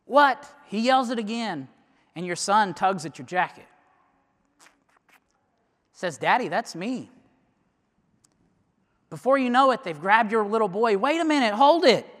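High-voiced man preaching in a reverberant hall. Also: lively intonation, unhurried, long pauses. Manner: dramatic storytelling, swinging from loud urgency to hushed near-whispers. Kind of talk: sermon illustration told as a story. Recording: long reverb of a large hall.

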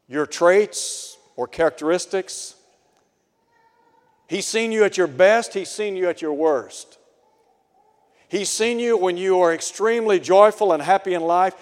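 A man preaching a radio sermon, slow and deliberate, asking his listeners pointed rhetorical questions. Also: high voice, big-room sound.

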